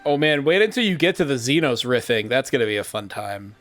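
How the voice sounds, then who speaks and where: A man's voice: mid-range voice, sing-song, a little fast, a bit bright, faint music behind. A young man streaming a game live, joking and swearing freely at the screen.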